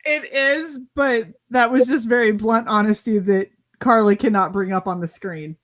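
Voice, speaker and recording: A young woman co-hosting a casual live-stream chat, an animated storyteller who laughs often. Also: a little high, normal speed. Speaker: co-host.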